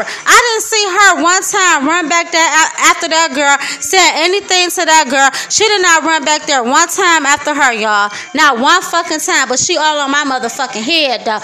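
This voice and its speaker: A woman's voice: sits high, normal speed, sharp tone, faint music behind. A young woman with a Detroit accent, venting profanely and heatedly in a casual podcast monologue. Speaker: podcast host.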